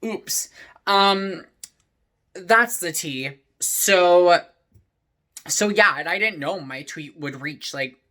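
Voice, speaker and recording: A man's voice: high voice, slow pace, pauses often, pushed and bright. A young man telling a rambling story in a casual vlog, full of "like" and "you know". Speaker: vlogger.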